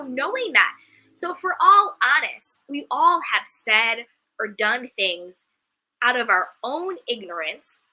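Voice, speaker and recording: A woman's voice: high-pitched, sharp tone, low-quality recording. A young adult woman hosting a casual live-stream, giving candid, emphatic opinions and reading viewer comments aloud. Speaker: reality TV commentary host.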